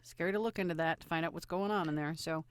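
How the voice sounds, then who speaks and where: A woman's voice: on the low side, fast talker, clean tone, no echo. A woman co-hosting a podcast in casual chat, chatty and encouraging with a rambling flow. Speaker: podcast co-host.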